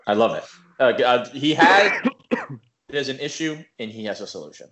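A man's voice: mid-range voice, sing-song, moderate pace, fairly bright tone. A young man co-hosting a podcast, talking in laid-back, joking banter. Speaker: podcast co-host. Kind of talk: casual chat.

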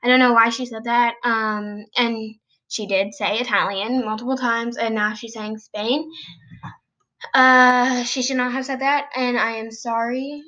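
A woman's voice: on the high side, steady tone, a little slow, sharp tone, highs cut off. A teenage girl cutting in with flustered, over-apologetic remarks about her own podcast. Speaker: podcast co-host.

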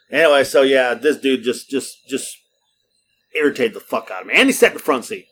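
A man's voice: mid-range voice, fairly quick, slight background noise. A middle-aged man hosting a podcast, telling rambling stories in casual, profane chat. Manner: profane, lively storytelling. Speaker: podcast host. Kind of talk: casual storytelling.

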